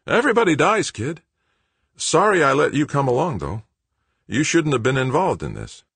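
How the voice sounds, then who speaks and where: A man's voice: a little high, big pitch swings, normal speed, a bit bright, no room sound, voice pushed up, full character voice. A man voicing a blunt, resigned older male space miner who is dying, in a storybook reading. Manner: gruff and resigned.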